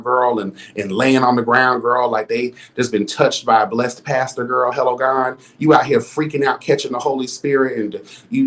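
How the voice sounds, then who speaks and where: A man in the middle of a pitch range talks straight to his audience as a gossip commentator. His delivery is sassy and campy. He leans into drama and punctuates his lines with loud exclamations. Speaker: commentary vlogger.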